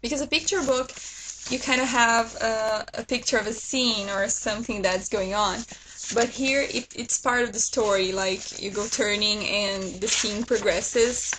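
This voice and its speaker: A woman talks casually to camera about books she bought, calling her viewers "guys" in an eager, chatty way. Her voice sits a little high, and a faint noise runs under it. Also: steady tone, unhurried. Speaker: book vlogger. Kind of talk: casual book haul chat to camera.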